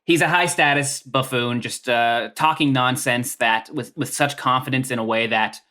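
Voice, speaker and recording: A man chatting as a guest on a comedy podcast. He rambles through his thoughts, and his sentences are full of filler words and restarts. His voice sits at an ordinary middle pitch. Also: steady tone, normal speed, bright, forceful tone. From Canada. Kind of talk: casual podcast chat.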